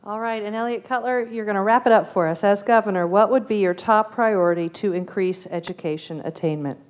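A woman moderating a public forum, brisk and polite, who is losing her voice. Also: mid-range voice.

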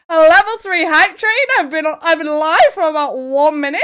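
Super high-pitched woman streamer, loud and hyped, chatting with chat. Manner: excitable, loud, fast-shifting energy. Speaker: streamer host. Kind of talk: live-stream chat with viewers.

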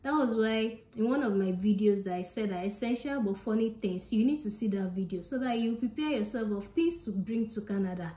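A woman with a Nigerian accent chats straight to her viewers, warm and mellow in tone. She leans on her points and says them again for emphasis. The sound has a roomy echo around it. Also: medium pitch, brisk, few pauses. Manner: chatty and emphatic, repeats points directly to viewers. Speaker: vlogger. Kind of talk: casual vlog talk to camera.

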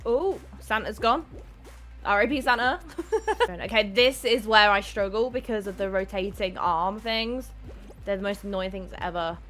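A young woman, chatting casually as she commentates her own gameplay, excitable and quick to shriek. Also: mid-range voice, faint music behind. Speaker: gaming YouTuber.

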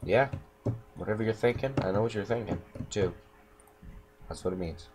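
A man's voice: fairly low pitch, moderate pace. A man giving casual gameplay commentary at home, mumbling and talking to himself as he plays. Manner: mumbling, talks to himself while playing. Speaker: gameplay recorder. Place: home room. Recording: noisy home recording with keyboard clicks.

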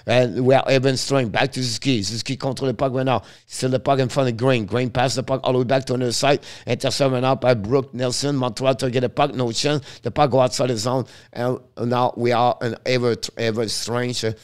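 A man's voice: mid-range voice, fairly even intonation, clear, resonant tone. Man calling hockey play-by-play. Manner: halting non-native English, rapid call of the action; chats with viewers between plays. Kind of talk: live play-by-play commentary.

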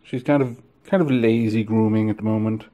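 A man filming a casual vlog of his pet ferrets, cooing to them in gentle baby talk. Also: on the low side, fairly even intonation, a little fast. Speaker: vlogger.

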